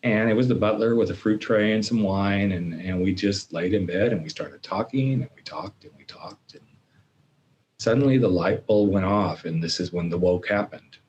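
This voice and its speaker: A middle-aged man as a podcast guest, telling a personal story in an animated way and acting out his own inner voices. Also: deep voice, moderate pace, dull audio, slight background noise.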